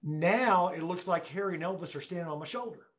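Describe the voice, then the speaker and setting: A man's voice: high-pitched, fairly quick. A man presenting a live webinar from his classroom, joking and talking straight to viewers as he demonstrates the equipment. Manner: enthusiastic, joking, talks to viewers directly. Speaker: education technology presenter. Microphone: room conference microphones at a distance. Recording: echoey classroom audio.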